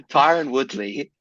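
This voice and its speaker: A man's voice: fairly high pitch, sharp tone, dry recording. A man co-hosting a podcast in casual chat, playful and teasing as he gives out clues. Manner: laid-back, playful, teasing. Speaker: podcast co-host. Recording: dull, dry lo-fi sound.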